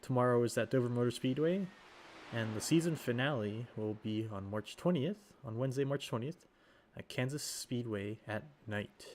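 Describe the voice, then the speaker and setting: A man on a live stream calls a sim race while still getting over a cold. He rambles casually, corrects himself often and fills his pauses with lots of "uh" and "um". His voice sits at an ordinary middle pitch. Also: darkish tone, slight background noise. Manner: rambling, self-correcting, with many fillers. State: recovering from a cold. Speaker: sim racing commentator.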